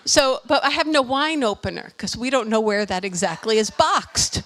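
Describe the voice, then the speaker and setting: Chatty, animated middle-aged woman preacher. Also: a little high, normal speed. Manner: animated, chatty, with many fillers and restarts. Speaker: minister. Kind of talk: storytelling sermon.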